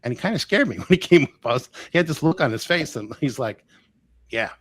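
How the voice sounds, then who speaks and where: Animated storytelling man, dry close sound. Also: fairly high pitch, fast talker, breathy edge, no echo. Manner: animated storyteller who acts out dialogue and laughs often. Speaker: energy healer guest. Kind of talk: storytelling interview.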